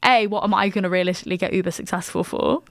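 A woman's voice: on the low side, fairly even intonation, very fast, creaky, no room sound. Young southern english woman, teasing and chatty, dry close sound. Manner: teasing, laughs often, chatty with fillers. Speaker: co-host. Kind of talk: casual chat.

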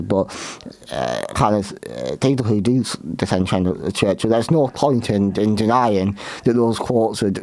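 Male host, low voice, unscripted and halting, dry close recording. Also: a little mellow, no echo. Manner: halting, frequent restarts and fillers. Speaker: podcast host. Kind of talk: unscripted history commentary.

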